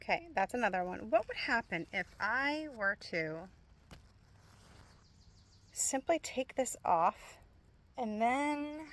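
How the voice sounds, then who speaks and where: A woman chatting casually and excitedly while showing her backyard garden plants outdoors. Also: on the high side, slow pace, pauses often. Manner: chatty and excitable, laughs easily. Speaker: gardening vlogger.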